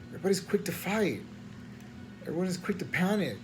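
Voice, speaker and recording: A man's voice: high voice, lively intonation, fairly quick, long pauses, a little mellow, soft background music. A man, a preacher venting late at night in rambling, slangy talk full of stammered restarts and frustration. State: tired at night.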